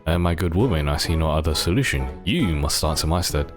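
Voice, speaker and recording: A streamer reading a pompous gentleman adventurer, very deep. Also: lively intonation, a little fast, over music. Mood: grandiose. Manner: reads the lines aloud in a flowery, formal way.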